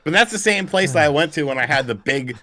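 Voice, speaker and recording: A man's voice: fairly high pitch, fast. A man co-hosting a podcast, telling a long anecdote in casual chat, acting out each person in it and swearing freely. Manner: animated storyteller who acts out the people in his stories, swears freely. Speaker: podcast co-host.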